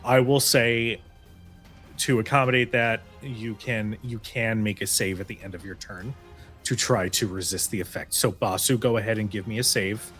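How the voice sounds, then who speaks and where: A man's voice: on the low side, fairly even intonation, moderate pace, fairly bright tone, faint music behind. A man acting as game master, explaining the rules and thinking aloud as he rules on a spell. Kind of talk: running a tabletop game.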